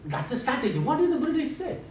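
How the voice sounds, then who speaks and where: Animated man quizzing a lecture class. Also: very high-pitched, fast. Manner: animated, quizzing students, laughing asides. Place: large echoey lecture room. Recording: echoey classroom from far off, faint hiss.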